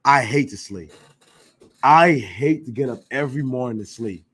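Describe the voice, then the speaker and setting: A man's voice: mid-range voice, moderate pace, fairly bright tone, slightly rough. Emphatic slangy man teaching a class. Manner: emphatic, rhetorical questions, slangy, keeps asking "you know what I'm saying". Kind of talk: informal scripture class lecture.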